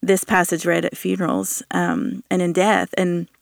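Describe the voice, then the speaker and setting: Earnest woman podcast guest with a gravelly edge, dry close recording. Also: lowish voice, very animated, moderate pace, dry recording. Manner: earnest, hesitant with many fillers. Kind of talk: reflective Bible study chat.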